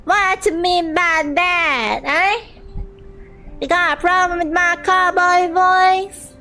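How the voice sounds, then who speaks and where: A woman's voice: very high voice, fairly even intonation, unhurried, fairly bright tone, soft background music, pitched above the performer's own voice. A woman voicing a brash Texan cowboy in a mock-tough drawl while playing a game. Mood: defensive. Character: brash male Texan cowboy, gruff and boastful.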